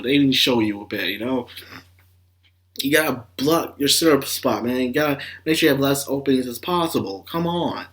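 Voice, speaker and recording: Young male anime reviewer, casual and animated, under the weather with a cough. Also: mid-range voice, normal speed. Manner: animated, swears and laughs, acts out scenes. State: sick with a cough.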